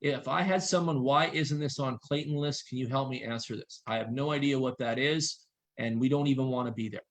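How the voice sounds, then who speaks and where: Brief: man hosting a video call Q&A, mid-pitched, brisk, insistent, repeats his warnings. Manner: reads questions aloud and answers briskly. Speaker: presenter answering questions.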